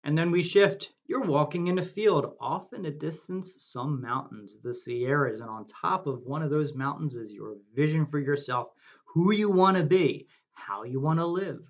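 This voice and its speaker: A man from New Jersey leading a guided meditation in a slow, gentle way with long pauses. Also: fairly high pitch, expressive, highs cut off.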